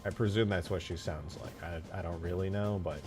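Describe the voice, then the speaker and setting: A man hosting a casual livestream, joking, swearing, and loudly thanking viewers for gifts. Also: deep voice, brisk, over music. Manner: excitable, yells in thanks for gifts. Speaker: livestream host.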